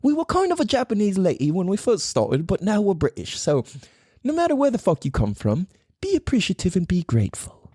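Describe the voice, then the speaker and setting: A woman on a podcast doing a mock ad with a put-on British accent. Her voice is husky and mellow, pitched a little high, and it swings widely. The sound is dry and close. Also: huge pitch swings, brisk, dry recording. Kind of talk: mock ad read.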